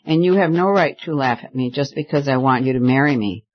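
A man's voice: mid-range voice, fairly quick, natural voice. A man doing a moody young suitor. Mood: pleading. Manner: moody, pleading. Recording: slightly dull lo-fi recording.

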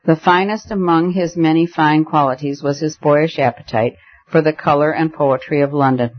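A man narrating a story aloud in a measured, even storytelling voice. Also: fairly high pitch, dull audio. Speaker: audiobook narrator. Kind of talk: scripted narration.

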